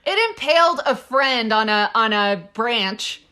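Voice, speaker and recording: A woman co-hosting a casual podcast, reacting in an excitable, gushing way as she describes what she sees. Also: a little high, a little slow, smooth. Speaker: podcast co-host.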